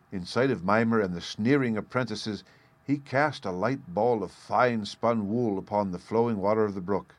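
A man narrates a storybook in a low voice. He reads at a steady, measured pace. The recording is dry and close to the mic. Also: no echo. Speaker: audiobook narrator. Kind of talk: scripted narration.

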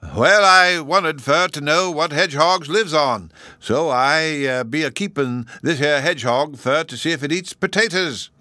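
Man putting on a rustic old gardener, slow drawl, simple and earnest, higher and louder voice, storybook. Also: no room sound, clean studio sound. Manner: country dialect, drawling.

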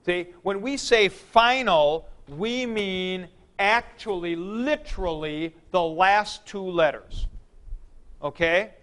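Man, classroom lecture, high voice, slow deliberate delivery, smooth clear tone, patient, repeats key points. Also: fairly bright tone. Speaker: Greek teacher.

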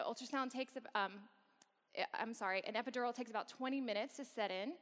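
A woman with a fairly bright, higher voice talks fast. She's a guest speaker at a campus worship service, candidly sharing a personal story with wry, self-deprecating humor, her words ringing with the long reverb of a large worship hall.

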